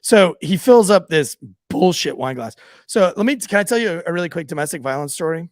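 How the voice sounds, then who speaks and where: A man, a former police officer, co-hosting a podcast and telling profane, animated stories in casual chat. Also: a little high, brisk, no room sound, clean studio sound.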